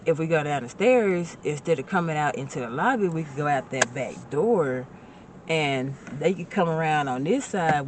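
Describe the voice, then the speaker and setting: A young woman telling a casual storytime, animated and swearing freely, with frequent laughter. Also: low-pitched, noisy background. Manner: animated, acts out voices in quotes, laughs and swears often.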